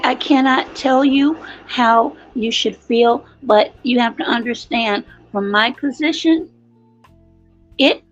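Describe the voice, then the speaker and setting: Slow-spoken woman with a gravelly voice. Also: sits high, no room sound, dull audio. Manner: slow, deliberate, measured. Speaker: guest. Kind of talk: casual chat.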